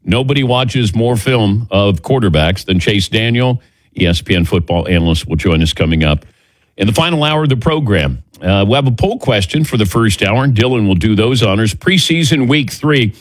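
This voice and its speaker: A man's voice: fairly low pitch, animated, normal speed, no echo. A man hosting a sports radio talk show, joking loosely and tossing to his crew by name. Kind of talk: casual radio show chat. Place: radio studio. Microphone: studio microphone.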